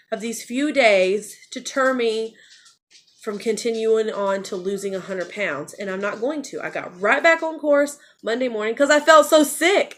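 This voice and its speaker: A woman's voice: fairly high pitch, a bit bright. A middle-aged woman talking candidly in a personal vlog, rambling and repeating phrases. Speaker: vlogger.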